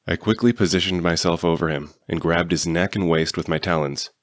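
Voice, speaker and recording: Deep-voiced guy reading a fan audiobook, steady, dry close sound. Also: a little fast, hardly any pauses, dry recording. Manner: steady storytelling. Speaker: audiobook reader. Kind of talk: first-person audiobook narration.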